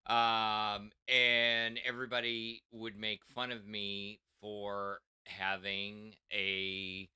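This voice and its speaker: Man, wisconsin accent with texas mixed in, slow halting speech, bright voice, dry sound. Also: on the low side, completely flat delivery, smooth, no room sound. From Wisconsin, US Midwest. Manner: slow, halting, hesitant with many restarts. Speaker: stream host reading donations. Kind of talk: casual livestream chat.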